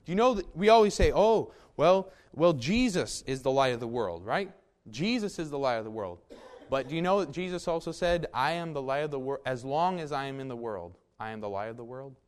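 A man's voice: medium pitch, clean tone. A man preaching a sermon in a folksy, emphatic way, with asides to the congregation.

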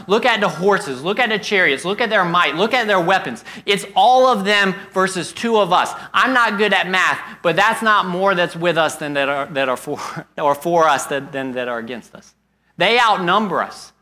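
Panicked young servant man, pleading and repetitive, bright pushed tone, put on by a preacher. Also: high voice, animated, normal speed.

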